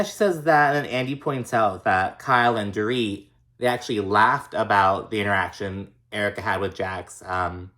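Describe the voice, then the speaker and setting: A man's voice: on the low side, fairly bright tone. Sassy, profane man recapping reality TV. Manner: chatty, profane, filler-heavy with lots of likes and ums; sassy, exasperated asides. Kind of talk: casual recap commentary.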